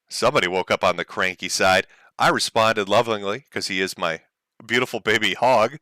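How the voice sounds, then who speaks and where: A man's voice: lowish voice, a little fast, pushed and bright, no echo. A man hosting a livestream, talking to his chat with sarcastic, mocking commentary and frequent laughs. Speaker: streamer host.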